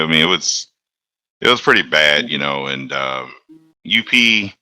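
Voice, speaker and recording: A man from Alabama, a locomotive engineer, chatting as a guest and telling stories in a relaxed, rambling way. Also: rumbling low, smooth, no room sound. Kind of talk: casual conversational storytelling.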